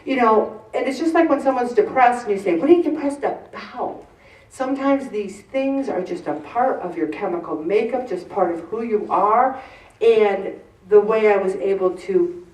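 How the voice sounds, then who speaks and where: A woman in her sixties leading a faith-based group talk, animated and acting out the voices she quotes. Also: medium pitch. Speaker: faith-based weight-loss group leader. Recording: roomy room, mic far off.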